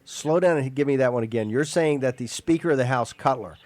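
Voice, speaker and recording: A man's voice: medium pitch, brisk, darkish tone, no echo. A man hosting a political talk radio show, emphatic and rambling, often repeating and restarting words.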